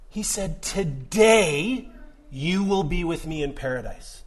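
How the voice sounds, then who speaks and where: Male pastor, slightly high-pitched, conversational preacher who acts out voices in his stories. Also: takes it slowly. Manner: animated storytelling, acting out voices. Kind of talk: sermon.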